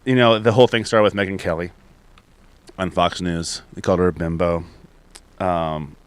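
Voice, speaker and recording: A man co-hosting a podcast, speaking in a measured, agreeable way with plenty of fillers. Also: low voice, steady tone, clean tone. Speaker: podcast co-host. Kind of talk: casual podcast debate.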